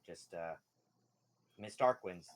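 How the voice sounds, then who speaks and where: A man's voice: low-pitched, slow pace, pitched below the performer's own voice. An actor playing a male drow guard who sweet-talks and then turns threatening, in a tabletop game. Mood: warning.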